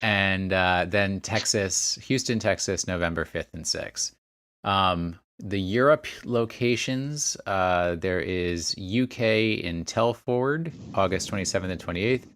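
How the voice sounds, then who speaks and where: A man's voice: sits low, takes it slowly, a bit bright. A man hosting a casual podcast, reading out a list of places and dates with chatty asides. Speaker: podcast host.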